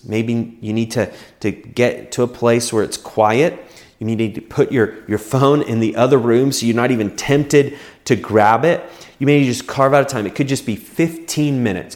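A man preaching a sermon as pastor, earnest and encouraging, repeating words as he speaks. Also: mid-range voice. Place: church.

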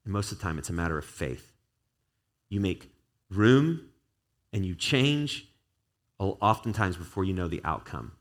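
A pastor with a fairly low voice preaching in an earnest, conversational way. He talks to his church as he would to friends and moves into spoken prayer. His words carry plain encouragement. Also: big pitch swings, moderate pace, pauses often. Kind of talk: sermon.

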